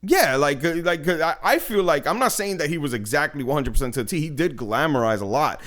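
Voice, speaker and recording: A man's voice: on the high side, expressive, fast, a bit bright. A man from New York co-hosting a podcast, talking through a movie in a loose, rambling way with lots of fillers and casual swearing. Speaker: podcast co-host. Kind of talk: casual movie-review chat.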